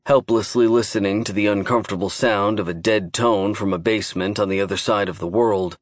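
A man reading an audiobook in a measured, even storytelling manner. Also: fairly low pitch, dry recording, clean studio sound. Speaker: narrator. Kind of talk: scripted audiobook narration.

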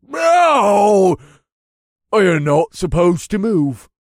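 A man voicing a clumsy, hot-headed male swordsman who shouts and blusters. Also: high-pitched, big pitch swings, very slow, no room sound, clean studio sound, pitched above the performer's own voice, heavily acted. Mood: angry. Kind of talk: audiobook character voice.

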